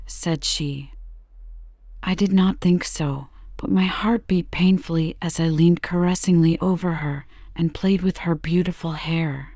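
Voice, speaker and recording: A woman reading a long story aloud to lull listeners to sleep, in a soft, calm voice that slips into whispers. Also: on the low side, unhurried, no echo, dull audio. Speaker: sleep podcast reader. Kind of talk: slow bedtime story reading.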